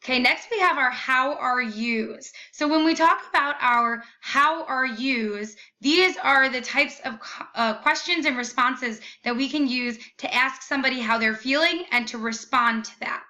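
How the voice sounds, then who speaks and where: A young woman teacher giving a recorded lesson, slowly and carefully modeling each phrase. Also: sits high, sharp tone.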